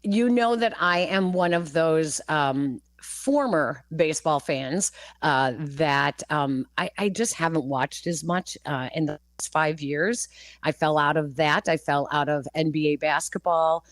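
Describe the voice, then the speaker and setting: Woman, sports radio host, low voice, dry studio sound, chatty storyteller. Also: unhurried, dry recording. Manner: storytelling, laughing through anecdotes. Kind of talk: casual sports talk.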